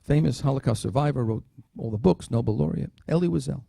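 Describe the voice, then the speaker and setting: A man's voice: medium pitch, fast talker, vocal fry, husky, no room sound, clean studio sound. A man giving a keynote speech at a dinner, telling a story with humorous asides and acting out the dialogue in quotes. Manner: animated, acts out dialogue in quotes. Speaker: keynote speaker.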